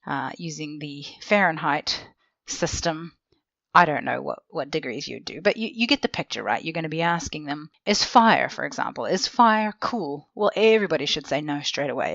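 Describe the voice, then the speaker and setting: A low-pitched woman talks through teaching methods in a relaxed, clear manner and tests ideas with quick yes-or-no questions. Her voice is captured dry and a little dull, with no room echo. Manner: casual, clear explaining with rhetorical questions. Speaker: language teacher trainer. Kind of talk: instructional podcast talk. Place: seated indoors.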